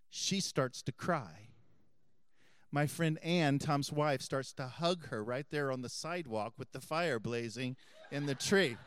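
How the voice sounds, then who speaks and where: A middle-aged man, a Catholic priest, preaching a homily and telling a story earnestly, dropping his voice soft for emphasis. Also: medium pitch, lively intonation, measured pace, no room sound, clean studio sound.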